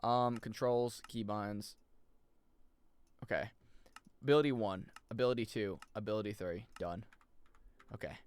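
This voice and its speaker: A young man streaming a video game, chatting casually, muttering over menus and jumping into loud, high yelps. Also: measured pace, long pauses, smooth. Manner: excitable, jumps into loud high yelps and laughs; mutters menu options to himself. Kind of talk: casual gameplay commentary.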